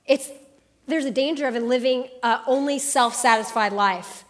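A woman in her thirties preaching a sermon, telling a personal story with lively, animated quoted voices. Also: high-pitched, normal speed. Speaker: pastor.

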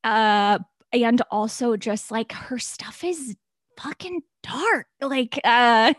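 A woman writer and comedian talking as a podcast guest, in a chatty style full of fillers and quick laughs. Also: on the high side, no echo, studio quality. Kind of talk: casual conversational interview.

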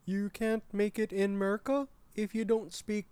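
A woman voicing a smug white male ad executive, the boss's entitled son, who talks in a hesitant, deadpan way in a comedy sketch. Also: mid-range voice, smooth, dry recording, lightly acted. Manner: hesitant, deadpan with drawn-out fillers.

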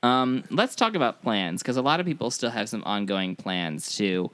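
A man's voice: fairly low pitch, animated, normal speed, fairly bright tone. Casual man leading a show recap. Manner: leads with discussion questions. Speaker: podcast co-host.

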